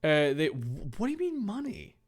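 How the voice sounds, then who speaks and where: A man's voice: on the high side, wildly swooping pitch, normal speed. A man reading fanfiction aloud, breaking off into sarcastic, incredulous, swearing commentary.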